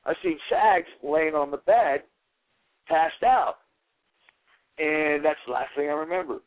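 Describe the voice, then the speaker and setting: A middle-aged man, a guest fighter, telling a story on a radio show with animated delivery, swearing and acting out the voices of others. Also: fairly high pitch, no echo, low-quality recording. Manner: swears, acts out quoted voices. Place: radio studio.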